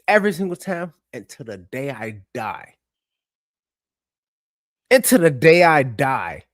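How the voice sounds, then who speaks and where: A man co-hosting a sports podcast, telling stories in a profane, animated way. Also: medium pitch, no echo, studio quality. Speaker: podcast co-host. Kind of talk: casual sports chat.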